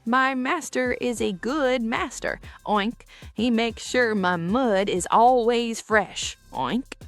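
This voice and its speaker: A grateful talking pig, voiced by a woman, slow and oinking as it speaks. It belongs to a storybook joke, with faint background music. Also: on the high side, pitched above the performer's own voice.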